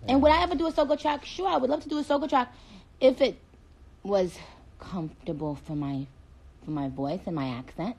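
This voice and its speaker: A woman's voice: fairly high pitch, a little fast, darkish tone, breathy edge. A woman hosting a casual phone livestream, reading out viewer comments in a playful, chatty way and dropping in Spanish phrases.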